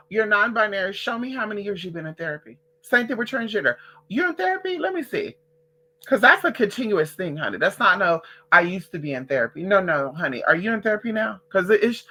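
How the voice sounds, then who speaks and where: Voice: medium pitch, bright, forceful tone. A vlogger ranting casually to the camera, sassy and profane, who calls listeners girl and honey and hammers phrases by repeating them.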